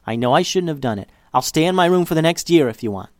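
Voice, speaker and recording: A man's voice: fairly high pitch, expressive, fast talker, no echo, clean studio sound, voice pushed up, lightly acted. A man voicing a young girl who is tearful and sorry, speaking in a pleading, emotional way. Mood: remorseful.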